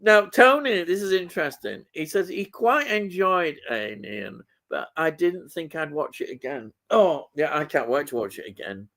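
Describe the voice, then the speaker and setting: A man's voice: fairly high pitch, expressive, moderate pace, hardly any pauses, a bit bright. A man, co-hosting a film chat live stream, reading out chat comments and teasing his co-host with frequent laughs.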